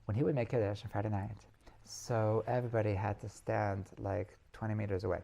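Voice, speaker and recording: A man's voice: fairly low pitch, little pitch movement, fairly quick, gravelly, dark tone. A male rabbi telling stories in a class, rambling, restarting phrases and laughing at his own tales. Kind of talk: storytelling Torah class.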